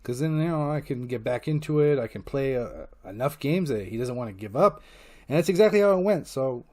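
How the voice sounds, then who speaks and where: A channel host and adult parent rambles through a casual vlog monologue as if chatting with a friend, swearing freely and packing his sentences with uhs and restarts. His voice sits at an ordinary middle pitch and sounds expressive, mellow and fairly quick.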